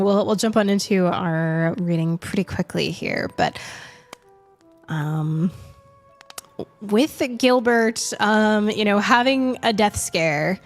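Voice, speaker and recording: Young woman, streamer, expressive read-aloud, chatty asides, faint music underneath. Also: mid-range voice. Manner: expressive reader, chatty and self-amused when talking. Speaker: streamer reading a novel aloud. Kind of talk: reading aloud and casual chat on a live stream.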